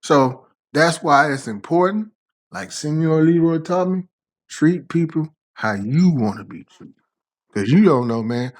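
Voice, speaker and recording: Animated slangy man telling stories. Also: on the high side, a little slow. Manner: animated, swears freely, slangy. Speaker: storyteller. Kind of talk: casual anecdotal storytelling.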